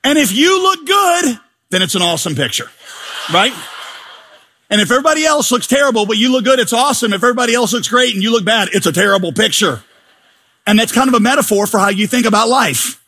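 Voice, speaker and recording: Bright-toned male preacher, high voice, playful sermon delivery with acted-out voices. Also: fast talker, breathy edge. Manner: animated, joking, acts out voices. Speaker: pastor.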